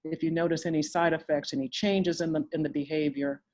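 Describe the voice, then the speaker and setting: Middle-aged woman, caregiver guest; earnest, measured advice with slowed emphasis. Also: deep voice, fairly even intonation, darkish tone. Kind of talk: conversational advice in an online talk.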